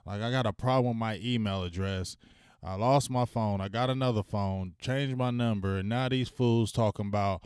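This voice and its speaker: A man hosting a casual sports livestream, talking in loose slang, venting and giving loud shout-outs. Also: fairly low pitch, moderate pace, clear, resonant tone, dry recording, studio quality. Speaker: sports talk stream host.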